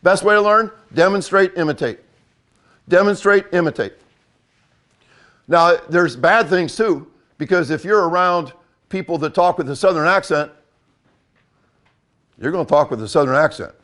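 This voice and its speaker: A man's voice: high voice, normal speed, pauses often, fairly bright tone. An older man and football coach giving a blunt, emphatic talk, repeating key points for effect.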